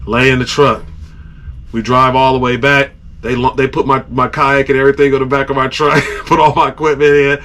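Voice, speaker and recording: A man hosting a podcast, casually telling a story and acting out his own groans, shouts and sound effects. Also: fairly high pitch, fairly even intonation, normal speed. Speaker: podcast host.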